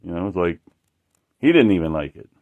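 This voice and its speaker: Rambling, foul-mouthed man with a low voice. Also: sing-song, phone-quality sound. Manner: profane, rambling, halting restarts. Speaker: artist showing his work. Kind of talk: rambling casual monologue.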